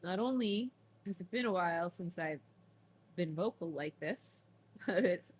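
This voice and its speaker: A woman's voice: on the low side, expressive, unhurried, slight background noise. A woman streaming a game from home, chatty and laughing often, her throat sore from smoke allergies. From Canada. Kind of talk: casual let's play chat.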